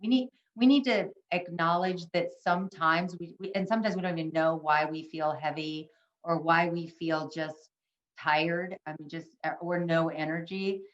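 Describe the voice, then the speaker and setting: An older woman co-presenting an online workshop over a video call earnestly tells a family story, with lots of ums and restarts. Her lowish voice has fairly even intonation at normal speed, and the audio is reverberant and dull.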